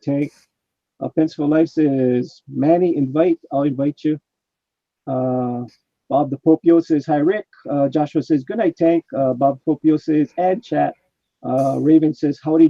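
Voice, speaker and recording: A man hosts a casual live stream and reads out viewers' chat messages in a chatty way. His mic sounds muffled and dull, with no room echo around the voice. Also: a little high.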